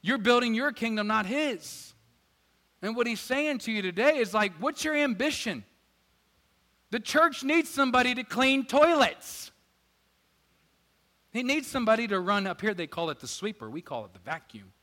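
A man preaching a sermon as pastor, energetic and joking, swinging between loud emphasis and quiet asides. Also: very high-pitched, moderate pace. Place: church sanctuary. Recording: church hall reverb with faint guitar.

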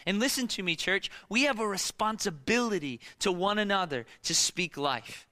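High, bright-voiced preacher man. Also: animated, normal speed. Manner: emphatic, repeats rhetorical questions. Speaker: pastor. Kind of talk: sermon.

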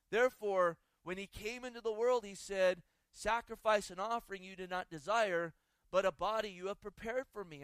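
A man's voice: sits high, fairly bright tone, clear, resonant tone, no room sound. A man preaching a sermon and reading scripture aloud, asking the congregation rhetorical questions as he goes. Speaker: pastor.

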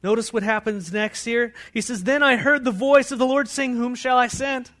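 A pastor preaching a sermon, moving between hushed, intimate passages and loud, fervent scripture readings. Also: male voice, extremely high pitch, fairly even intonation, normal speed. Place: church.

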